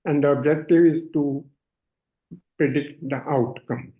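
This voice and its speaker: Brief: older Indian man, measured explanatory lecturer, narrow phone-like audio from a video call. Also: a little high, fairly even intonation, a little hiss or hum. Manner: measured, explanatory, with many fillers. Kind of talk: online lecture presentation.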